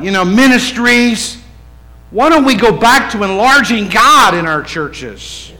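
A man preaching a sermon as pastor in his church, conversational, swinging from loud emphatic lines to hushed, low ones. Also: poor audio.

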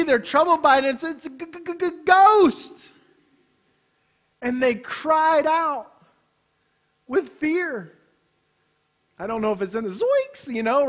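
High-voiced, animated male preacher. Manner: animated, swings between loud emphasis and hushed low delivery. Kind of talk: sermon.

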